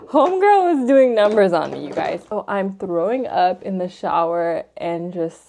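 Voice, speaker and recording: A woman's voice: lowish voice, normal speed, gravelly. A young woman vlogger telling a personal story in a casual get-ready-with-me video, chatty, emotional and full of fillers. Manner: chatty, filler-heavy, says "like" and "you guys" constantly; emotional and animated retelling.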